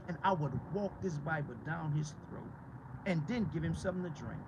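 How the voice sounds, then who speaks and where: Fiery, gravelly high-pitched male preacher. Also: lively intonation, fairly quick, highs cut off, background noise. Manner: combative, profane, repeats rhetorical questions. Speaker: pastor.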